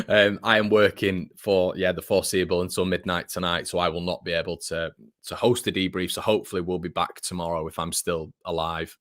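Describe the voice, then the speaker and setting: A man's voice: deep voice, flat delivery, a little fast, fairly bright tone, no echo, clean studio sound. Chatty young man. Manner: chatty, frequent restarts and fillers, says mate a lot. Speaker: fan channel host reading live chat. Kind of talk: casual live-stream chat.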